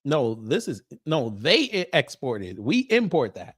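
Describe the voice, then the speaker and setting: A man's voice: medium pitch, wildly swooping pitch, unhurried, slightly rough. A man hosting a casual reaction stream, joking and talking straight to his viewers as he goes down a list. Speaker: commentary streamer.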